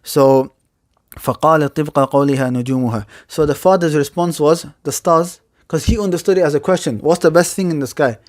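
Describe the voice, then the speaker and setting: Man teaching Arabic grammar, fairly high voice. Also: a little mellow. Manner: explains step by step, reciting Arabic verse quickly between English explanations. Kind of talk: classroom lecture.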